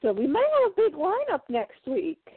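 A woman's voice: high voice, huge pitch swings, normal speed, no room sound. Chatty woman co-host on a tinny line. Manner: chatty, rambling with fillers. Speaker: podcast co-host. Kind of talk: casual chat. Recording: tinny phone-like line, dry.

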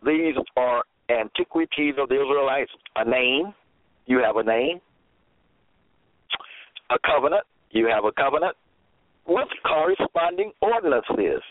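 A man preaching a radio sermon, slow and emphatic, repeating himself and asking rhetorical questions. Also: mid-range voice, expressive. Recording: tinny phone-like radio audio.

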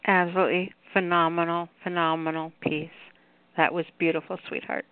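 Gravelly-voiced man hosting on the phone. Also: a little high, little pitch movement, moderate pace, no echo. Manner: effusive, praising, rambling. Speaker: radio show host. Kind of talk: casual chat. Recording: tinny phone line.

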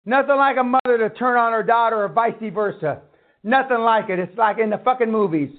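Male seminar speaker, very high pitch, blunt and foul-mouthed; thin telephone-quality audio. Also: a little fast. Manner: blunt, swearing, ranting. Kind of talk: profane motivational lecture. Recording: tinny phone-like line.

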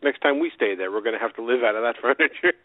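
A man's voice: mid-range voice, racing, no echo. A man co-hosting a sports podcast, chatting casually with dry jokes. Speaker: podcast co-host. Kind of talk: casual chat. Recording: tinny phone-like podcast audio.

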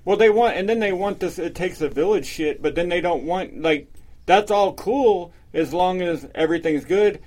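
A man co-hosting a casual podcast. His voice sits a bit higher than most men's, and he jumps in with sarcastic, crude comments. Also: moderate pace, darkish tone. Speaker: podcast co-host.

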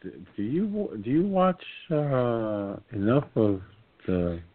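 A man in his sixties hosting a casual talk show, telling a comic anecdote and jumping into silly high voices. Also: sing-song, slow. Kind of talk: casual storytelling chat. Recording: phone-line audio.

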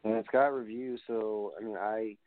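A man with a fairly low voice and fairly even intonation hosts a casual solo wrestling review podcast, rambling and wandering off on tangents while reading results aloud at a normal pace. The recording is dry with no echo and has a tinny, phone-like quality.

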